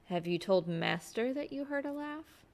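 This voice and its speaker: A woman reading aloud as a composed, guarded middle-aged woman servant, measured and prim. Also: fairly high pitch, animated, creaky, pitched above the performer's own voice. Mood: cool.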